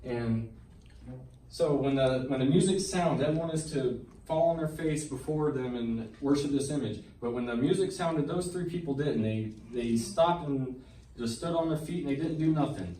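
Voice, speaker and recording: At normal speed and with a mellow, mid-range voice, a man shares his personal testimony with a church congregation. His earnest, colloquial retelling of a Bible story builds as it goes, heard through a far-off mic in an echoey hall with a little background noise.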